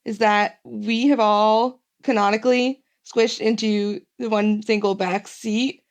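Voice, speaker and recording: A woman's voice: mid-range voice, steady tone, measured pace. A woman playing in a tabletop role-playing game, chatting playfully and laughing. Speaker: player. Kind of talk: casual game chat.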